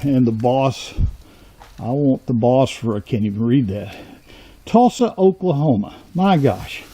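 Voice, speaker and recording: A middle-aged man with a Texas accent, hosting a vlog and jokingly pitching a run-down warehouse as a workshop. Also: lively intonation, measured pace, dark tone, husky. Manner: teasing, mock sales pitch. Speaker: woodworking channel host.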